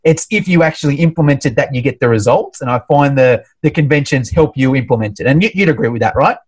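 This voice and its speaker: A man's voice: mid-range voice, fast, husky. A man from Australia who works in fitness, chatting in an upbeat way about conventions. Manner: upbeat, expressive, shares tips. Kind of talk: casual conversation.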